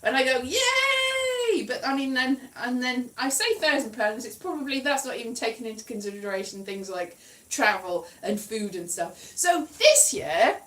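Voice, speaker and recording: A woman's voice: fairly high pitch, lively intonation, moderate pace, fairly bright tone, echoey room, distant mic. A woman from Wales chatting casually on a livestream, rambling and poking fun at herself with frequent giggles. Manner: rambling, self-mocking, giggly. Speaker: comedian.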